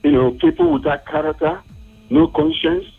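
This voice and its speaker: Nigerian male caller, orderly complaint, gravelly voice with lively pitch, phone-line sound. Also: moderate pace. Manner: steady, list-like complaint.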